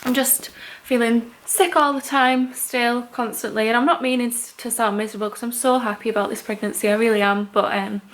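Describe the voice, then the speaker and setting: A woman chatting casually to camera in a vlog, emotional and quick to laugh, with lots of "like"s. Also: on the high side, steady tone, a bit bright. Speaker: vlogger.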